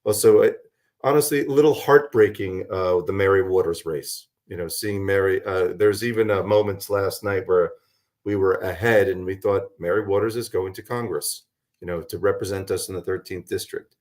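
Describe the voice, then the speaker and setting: Hoarse, low-voiced man meandering through a debrief. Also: normal speed, a little mellow. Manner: meandering, hesitant, many fillers and restarts. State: voice worn from a long night. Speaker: guest, local political organizer. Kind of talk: radio interview, recapping events.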